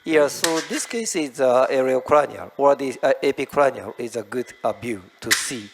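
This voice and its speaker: A man's voice: medium pitch, lively intonation, moderate pace, slight background noise. A man moderating a live medical case, asking the operator questions and explaining points, with many fillers. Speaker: session moderator.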